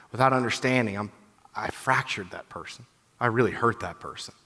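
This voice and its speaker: A man's voice: lowish voice, brisk, bright, forceful tone. Candid man speaking in a reverberant hall. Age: 30s. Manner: candid, heartfelt, conversational with many "you know"s. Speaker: conference speaker. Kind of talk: personal testimony talk. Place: conference hall. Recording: long reverb of a large hall.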